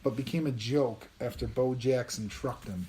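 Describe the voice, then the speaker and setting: Man, mid-range voice, brisk wry quiz-host patter, faint clicking noise. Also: medium pitch, warm tone. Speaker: podcast host running a trivia game. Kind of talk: casual chat, quiz hosting.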